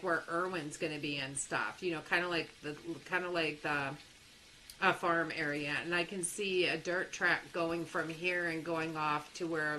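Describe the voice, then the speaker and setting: A woman's voice: on the low side, sharp tone, slight background noise, poor audio. A young woman with a Texas accent, chatting animatedly as she hosts a live game stream and laughs often.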